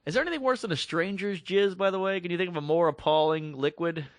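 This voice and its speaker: A man co-hosting a podcast, telling a long story in a casual, animated way and acting out the voices of the people in it. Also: high-pitched, fast talker, no room sound, studio quality. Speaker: podcast co-host.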